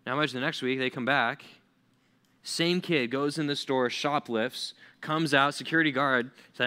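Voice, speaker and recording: A male pastor preaching a conversational sermon, animated and full of "like" fillers as he acts out stories for the congregation. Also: medium pitch, quick pace. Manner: frequent "like" fillers.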